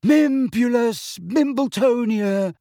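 Voicing a clumsy, eager teenage boy wizard, a man reading a story aloud sounds breathless, earnest, and slightly flustered. The performance is heavily acted, very animated and unhurried, fairly high and pitched above his natural voice, with a slightly rough texture. It's recorded clean in a studio with no room sound.

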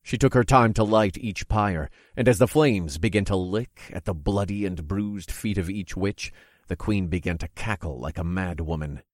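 A man narrating a dark first-person story in a measured, dramatic reading. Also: low-pitched, no echo, clean studio sound.

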